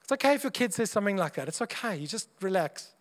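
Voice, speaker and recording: A man's voice: high-pitched, sing-song, fast. A man and father preaching a sermon to a congregation, chatty and humorous, often acting out little dialogues as he goes. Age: adult parent of young children.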